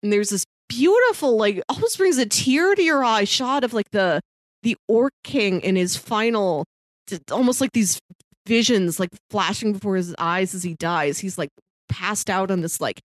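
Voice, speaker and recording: A woman's voice: medium pitch, animated, normal speed, dry recording. A woman co-hosting a casual book-club podcast, retelling a story with enthusiasm. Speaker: podcast co-host.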